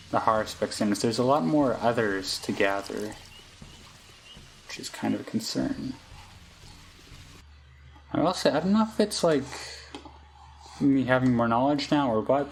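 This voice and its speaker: A man's voice: mid-range voice, gravelly, slight background noise, low-quality recording. A young man casually commenting while playing a game, chatty and hesitant with many asides, on a close desk mic at home. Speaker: let's play host.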